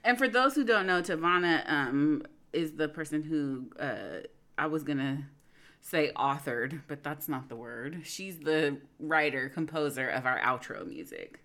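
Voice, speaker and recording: A woman's voice: low-pitched, a little slow, fairly bright tone. A woman co-hosting a podcast in casual chat, joking and teasing, laughing often. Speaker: podcast co-host.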